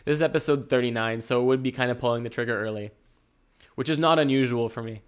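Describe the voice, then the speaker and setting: A man's voice: mid-range voice, fast talker, clear, resonant tone. A man hosting his own podcast, rambling and joking in a laid-back solo monologue. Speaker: podcast host.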